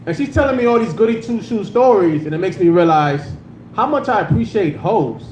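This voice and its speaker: A man with a high-sitting, animated, slightly mellow voice talks briskly through a crude, casual stand-up set, handheld mic in hand. He's laid-back and full of filler, playing a club stage to a live audience, recorded with roomy sound and faint noise.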